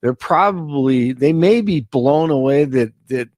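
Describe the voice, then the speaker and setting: A man reading news and weather on morning radio, agreeable and quick to laugh along with the host. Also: mid-range voice, lively intonation, darkish tone, dry recording, clean studio sound. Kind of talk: casual radio banter. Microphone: studio microphone.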